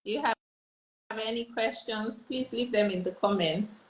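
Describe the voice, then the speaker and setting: A woman's voice: a little high, normal speed, poor audio. A woman hosting a live online talk, giving short replies and making announcements. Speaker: host.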